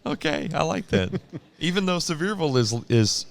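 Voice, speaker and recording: A man's voice: a little high, sing-song, normal speed, creaky. A man hosting a podcast interview in a casual, joking way, laughing often while he chats with his guest on a convention hall floor. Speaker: podcast host.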